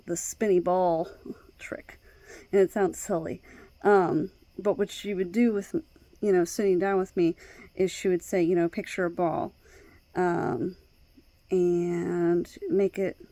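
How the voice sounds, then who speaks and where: A woman vlogging in casual personal talk, hesitant, with many pauses, fillers and restarts. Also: fairly low pitch, dark tone, no room sound. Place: outdoors at night by her door.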